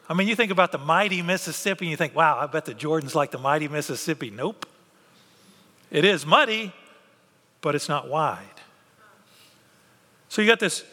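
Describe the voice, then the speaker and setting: Guy preaching, high bright voice, acts out the bible folks, big echoey church. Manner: animated, acts out biblical characters' voices. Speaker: pastor. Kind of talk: sermon. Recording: long hall reverb.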